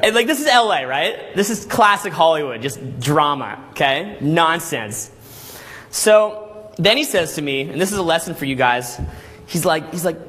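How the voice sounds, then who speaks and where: A man telling a story to a class as a dating coach, animated and constantly checking in with "right?" and "okay?". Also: fairly high pitch, measured pace, long pauses. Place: Los Angeles.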